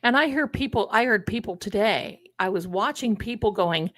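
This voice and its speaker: A chatty woman talks to her live-stream viewers in an unhurried, animated way, calling them her loves. Her voice sits at a middle pitch and sounds close and dry, with no room around it. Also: no echo. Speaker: livestream host. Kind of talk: casual live-stream chat.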